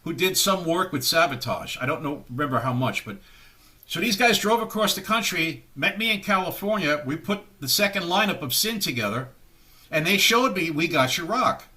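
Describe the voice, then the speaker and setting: A man's voice: fairly high pitch, lively intonation, moderate pace, bright, forceful tone. A man in his sixties, a guest musician in an interview, telling long rambling stories and acting out the voices of people he quotes. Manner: rambling storyteller who acts out quoted voices. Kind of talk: anecdotal storytelling interview.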